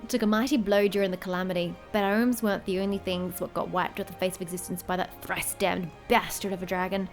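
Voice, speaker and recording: A woman reading aloud as a hearty middle-aged male tavern keeper, with only a brief try at a rough accent. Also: lowish voice, steady tone, fast, soft background music, lightly acted. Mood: storytelling.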